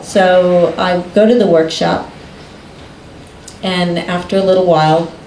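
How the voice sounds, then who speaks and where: A woman telling a personal story in conversation, unhurried and often breaking into laughter. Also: fairly low pitch, fairly even intonation, a little mellow, a little hiss or hum. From United States. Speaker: guest recounting a personal story. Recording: echoey room.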